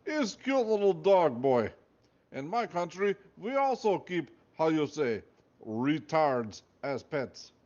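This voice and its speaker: Guy doing a loud jolly russian guard, broken english, pitched way up, muffled recording. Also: big pitch swings, slow. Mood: boisterous. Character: fat sweaty male Russian guard, jolly and odd.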